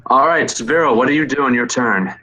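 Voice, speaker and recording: A man runs a tabletop fantasy game as its game master. He keeps his delivery steady and measured while laying out rules and calling out damage numbers. Soft music plays faintly behind him. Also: mid-range voice, poor audio.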